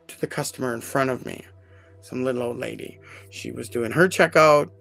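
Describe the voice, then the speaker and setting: Very gravelly-voiced man telling stories. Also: mid-range voice. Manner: emotional, animated retelling with many fillers. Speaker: podcast host. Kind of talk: casual live podcast storytelling.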